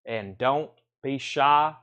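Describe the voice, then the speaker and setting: A man's voice: mid-range voice, slow, bright, forceful tone, clean tone, dull audio. Casual man calling out record sale prices. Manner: rattles off titles and prices, stumbles over names; friendly and easygoing. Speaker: record seller running a live sale. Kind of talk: live-stream sales patter.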